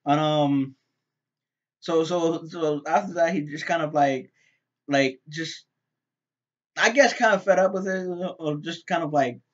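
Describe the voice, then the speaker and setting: A man casually reviewing a TV episode, rambling and halting, with lots of fillers, repeated words and loose, profane talk. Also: on the high side, highs cut off.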